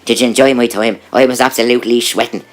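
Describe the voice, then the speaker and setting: A man's voice: mid-range voice, steady tone, fast talker, lightly acted. A man voicing a boastful, teasing woman in a lightly put-on voice.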